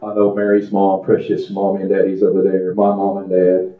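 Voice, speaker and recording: Preacher guy giving his testimony, prays out loud all fired up, folksy, echoey and tinny like over a phone. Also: monotone, fairly quick. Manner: fervent, prays aloud with rising pitch, folksy storytelling. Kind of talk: testimony sermon. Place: church service.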